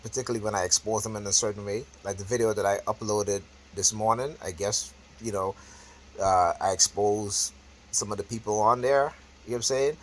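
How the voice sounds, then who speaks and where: A man's voice: fairly low pitch, steady tone, fairly quick, poor audio. A man vlogging in a casual talk to camera, emphatic and repetitive, checking in often with "right?" and "okay?" and correcting himself as he goes. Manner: restarts and self-corrections, talking off the cuff.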